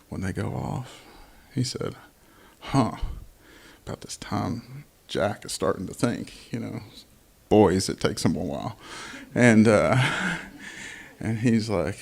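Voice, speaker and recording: A man, telling a spooky folk horror tale live on stage, dropping to whispers and rising to bold, loud moments. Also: expressive, takes it slowly, vocal fry, long pauses. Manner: dynamic, drops to whispers for suspense and booms for action. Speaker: storyteller.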